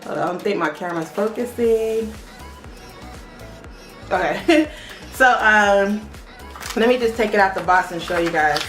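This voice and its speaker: Chatty, excitable woman in an echoey room. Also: medium pitch, unhurried, pauses often. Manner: chatty and excitable, often addresses the viewers directly. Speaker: beauty vlogger. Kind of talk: casual unboxing chat. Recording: echoey room with faint background music.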